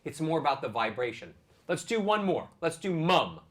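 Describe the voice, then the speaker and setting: A man's voice: a little high, big pitch swings, moderate pace. A male vocal coach leading a singing lesson, encouraging and demonstrating vibrato on sung syllables.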